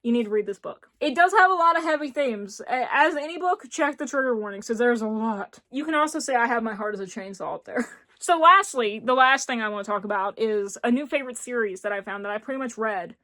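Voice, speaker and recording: A woman's voice: on the high side, lively intonation, fairly quick, pushed and bright. A woman in her twenties from rural Tennessee with an Appalachian accent, gushing in a casual book review chat. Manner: gushing, enthusiastic, emphatic repetition. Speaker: book vlogger.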